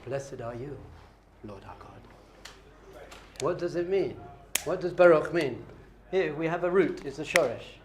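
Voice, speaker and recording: Animated rabbi teaching a class. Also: male voice, on the high side, a little slow, long pauses, noisy background. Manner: animated, playful, quizzing the audience. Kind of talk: lively classroom teaching with questions to students.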